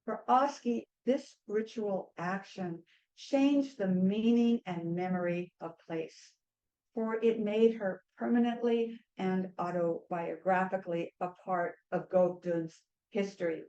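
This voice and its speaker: A woman author giving an academic book talk in a measured, earnest way, with small restarts now and then. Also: medium pitch, fairly even intonation, mellow, lo-fi sound. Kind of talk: academic lecture.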